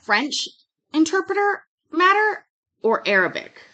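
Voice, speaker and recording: This is a woman in her thirties chatting loosely while she cooks. Her voice rises and falls a lot, and she drifts from topic to topic with casual swearing. The delivery stays relaxed and conversational. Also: high voice, measured pace. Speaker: cooking vlog host. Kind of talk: casual chat while cooking.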